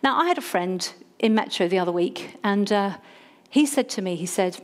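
A middle-aged woman church leader preaching a sermon, animated and humorous, calling on the congregation to repeat key words. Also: mid-range voice, moderate pace.

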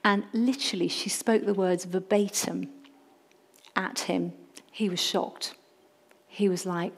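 A middle-aged woman church leader preaching a sermon, animated and humorous, calling on the congregation to repeat key words. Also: mid-range voice, a little slow, pauses often, slightly rough.

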